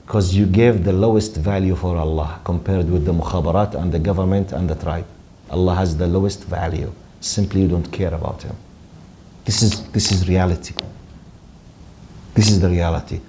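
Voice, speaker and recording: A man's voice: low-pitched, warm tone, a little hiss or hum. A man teaching a religious lesson, emphatic and full of rhetorical questions, often repeating his words. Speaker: Islamic teacher. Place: lecture in Canada.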